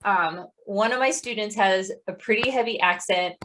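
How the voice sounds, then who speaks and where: A woman's voice: medium pitch, moderate pace, fairly bright tone, a little hiss or hum. A woman hosting an interview podcast, asking questions in an easygoing, conversational way. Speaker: podcast host. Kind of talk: casual interview chat.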